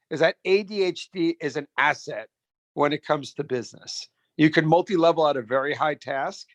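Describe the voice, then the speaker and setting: A middle-aged man tells his stories in a casual interview, with a slightly raised pitch. He talks with animation, restarting and repeating words as he goes. The recording is dry and close, with no room sound. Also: no echo. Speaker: restaurant founder and guest.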